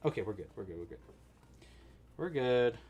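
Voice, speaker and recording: A man's voice: mid-range voice, big pitch swings, moderate pace, darkish tone, lo-fi sound. A man hosting a casual live crochet tutorial, chatting with viewers and counting stitches aloud as he works. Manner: chatty, reacts to live chat while crocheting; counts stitches aloud under his breath. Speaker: crochet livestream host.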